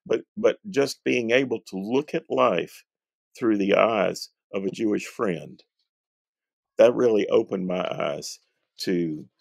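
A man from North Carolina, a Bible scholar answering interview questions in a measured, emphatic, preacherly way. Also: low-pitched, gravelly, husky, no echo. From North Carolina, USA.

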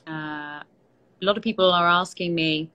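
A tired British woman, an actress, chatting casually with fans on a live stream, relaxed and self-deprecating, with many fillers, speaking into a phone held at arm's length. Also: lowish voice, normal speed, dull audio. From Britain. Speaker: actress hosting a fan Q&A.

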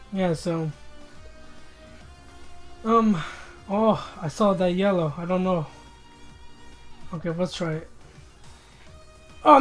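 A gamer giving live commentary on online fighting game matches, rambling and self-deprecating, swearing often when frustrated. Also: medium pitch. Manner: rambling, restarts sentences, laughs at self.

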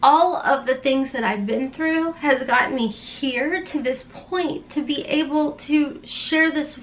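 A woman's voice: high-pitched, takes it slowly, a little hiss or hum. A woman beauty vlogger chatting casually while doing her makeup, rambling, emotional and heartfelt with folksy slang.

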